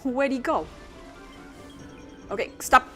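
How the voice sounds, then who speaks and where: A woman streaming a video game, chatting casually, excitable and cursing when things go wrong. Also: mid-range voice, moderate pace. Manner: excitable, swears when frustrated. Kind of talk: casual live-stream commentary. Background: game music.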